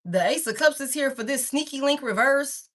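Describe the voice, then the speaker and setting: Speaking at a normal pace, this tarot reader has a high, animated, fairly bright voice. She talks right to her audience, calling them "baby" and "y'all," in a rambling, frank style with plenty of cursing.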